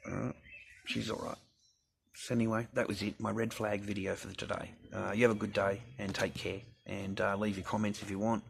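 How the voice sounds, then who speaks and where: A man's voice: on the low side, level tone, fairly quick, gravelly, slight background noise. A middle-aged man, ranting bluntly and swearing constantly in a casual talk to camera. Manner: blunt and sweary, heavy profanity. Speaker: vlogger.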